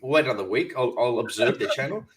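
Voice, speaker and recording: A man co-hosting a live crypto stream, reading viewer comments and giving upbeat shout-outs. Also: medium pitch, fast. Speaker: co-host reading live chat. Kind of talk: casual live-stream chat.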